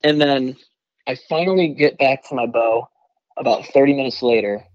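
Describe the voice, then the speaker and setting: An excited, rambling man from Michigan tells a long story as a podcast guest, with plenty of "like" and "you know". His voice sits at an everyday pitch. The audio is dull and lo-fi and very dry, with no room sound. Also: normal speed, dry recording. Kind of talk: casual storytelling in a podcast interview.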